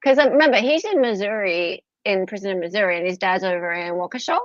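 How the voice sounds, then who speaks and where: An Australian woman co-hosting a casual live stream, chatty and laughing often, with halting restarts. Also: mid-range voice, dry recording, dull audio. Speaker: co-host.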